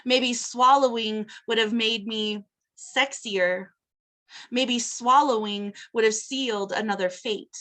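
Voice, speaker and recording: A woman hosting an online open mic, reading poetry in a slow, deliberate way. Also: on the high side, fairly even intonation, bright, forceful tone. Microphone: video call.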